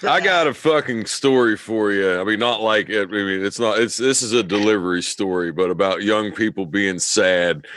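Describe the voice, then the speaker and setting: A man in his thirties hosting a podcast, telling a delivery story with lots of swearing and animated retellings. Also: on the low side, normal speed, few pauses, no echo. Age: 30s. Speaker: podcast host, delivery driver. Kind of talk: casual chat.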